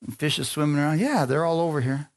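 A male pastor preaching a lively sermon, retelling a Bible story playfully and often asking his congregation for an amen. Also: a little high, quick pace. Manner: excitable, playful storytelling with call-and-response.

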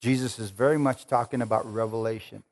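A man's voice: fairly low pitch, fairly quick. Emphatic preacher man calling for amens. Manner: emphatic, calls for amens, acts out Jesus with excitement. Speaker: pastor. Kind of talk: sermon.

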